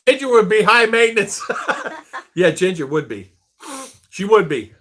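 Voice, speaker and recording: Lively bright-voiced man hosting a livestream. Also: high voice, a little slow. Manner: chatty, greets viewers by name. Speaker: livestream host. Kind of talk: casual livestream chat.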